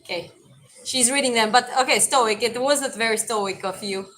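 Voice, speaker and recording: Bright-voiced woman chatting on a livestream. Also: on the high side, normal speed, a little hiss or hum, poor audio. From Georgia. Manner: chatty, rambling with many restarts. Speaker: livestream host reading chat. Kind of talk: casual livestream chat.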